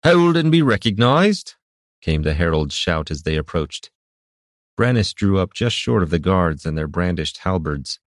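Male audiobook narrator, deep voice, steady reading, dry close sound. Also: moderate pace, no echo. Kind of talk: scripted fantasy narration.

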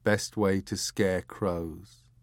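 A man voicing a dim, brutish male henchman who talks in a very slow, low, plodding way. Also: fairly even intonation, dry recording, full character voice. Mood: gleefully brutal.

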